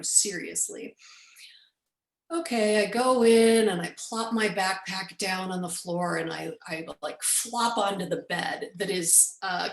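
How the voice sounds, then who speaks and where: Animated woman telling a story, echoey room. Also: mid-range voice, creaky. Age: 40s. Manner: animated storyteller, acts out quoted speech. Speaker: guest. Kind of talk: storytelling in an interview.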